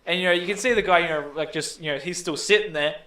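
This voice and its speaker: A man's voice: a little high, fast talker, bright, forceful tone. Rambling young man telling stories. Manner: rambling storyteller, swears freely. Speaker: podcast co-host. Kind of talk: casual chat.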